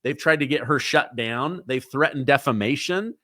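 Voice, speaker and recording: A male host giving excitable, conversational news commentary. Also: medium pitch, moderate pace, no echo, clean studio sound.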